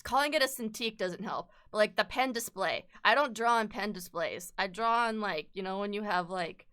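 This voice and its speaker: Bright, clear-voiced woman streamer chatting. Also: on the low side. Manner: rambling, self-deprecating, swears casually. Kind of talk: casual live-stream chat while drawing.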